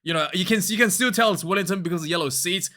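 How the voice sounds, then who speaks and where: Man, rugby review vlog, casual, rambling, animated, frequent laughs, slightly high voice. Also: rapid-fire.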